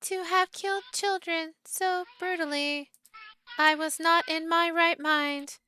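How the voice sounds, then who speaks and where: A woman's voice: a little hiss or hum, exaggerated voice. Woman voicing a creepy haunted doll. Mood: eerie, repetitive. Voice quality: high childlike monotone. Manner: slow, mechanical repetition. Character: haunted antique doll, childlike, cold, repeating apologies.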